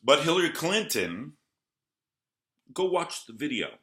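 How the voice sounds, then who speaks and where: A man talks very slowly in a bright, edgy tone, caught in a roomy, echoing space. He rambles through an early-morning monologue, dropping to quiet mutters and then flaring into loud, angry bursts. He swears often and keeps apologizing for getting worked up. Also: lowish voice, expressive. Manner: swings from muttering to heated outbursts, apologizes, swears. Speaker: vlogger. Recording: roomy echo.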